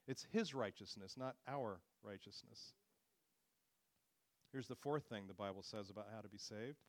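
A man's voice: medium pitch, no room sound. A man preaching a sermon with earnest, expository delivery, lifting his voice when he quotes scripture.

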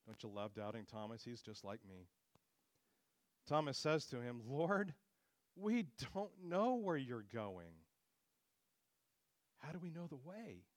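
Man, sermon, earnest expository preaching, mid-pitched voice, dry close sound. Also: very animated, slow pace, long pauses, no room sound. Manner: earnest expository preaching, rising on quoted scripture.

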